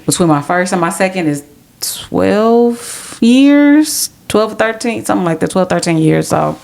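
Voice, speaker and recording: A woman in her forties co-hosting a podcast, talking in a relaxed, halting way and often repeating words. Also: medium pitch, gravelly. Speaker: podcast co-host. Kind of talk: casual chat. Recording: echoey room.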